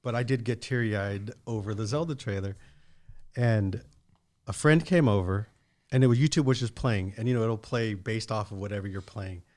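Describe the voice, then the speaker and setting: A man's voice: lowish voice, moderate pace, a little mellow. Rambling, chatty male podcast host. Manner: rambling storyteller with many restarts. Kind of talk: casual chat.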